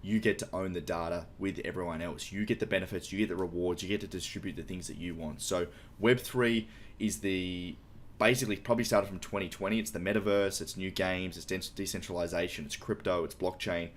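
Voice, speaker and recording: A man's voice: low-pitched, fairly even intonation, brisk, slight background noise. A man who is a podcast guest, explaining a topic in casual, enthusiastic talk with light swearing.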